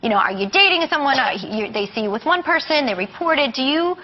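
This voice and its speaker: A woman's voice: high voice, animated, quick pace, lo-fi sound. A woman hosting a television talk show, asking teasing, playful questions. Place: television studio with audience.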